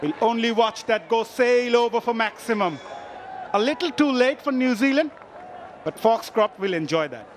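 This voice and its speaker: Excitable high-voiced cricket commentator. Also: male voice, moderate pace. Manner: excitable, rising to shouts on big hits. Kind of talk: live sports commentary. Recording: loud stadium crowd and ambient noise behind. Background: cheering stadium crowd.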